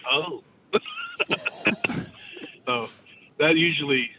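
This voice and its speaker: A man's voice: animated, a little slow. A man calling in while driving, easygoing and drawling. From Texas. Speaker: caller. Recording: muffled phone call with road rumble.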